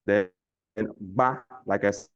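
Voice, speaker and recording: Low-voiced male language teacher on a dull lo-fi call line, patient and repetitive. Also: takes it slowly. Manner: patient, repeats words for learners to echo. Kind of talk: online language lesson. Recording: lo-fi call audio.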